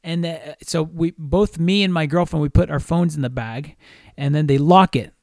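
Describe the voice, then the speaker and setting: A young man on a podcast telling a long, animated story in casual chat, swearing freely and restarting his sentences often. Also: on the high side, normal speed, no room sound, clean studio sound. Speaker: podcast co-host.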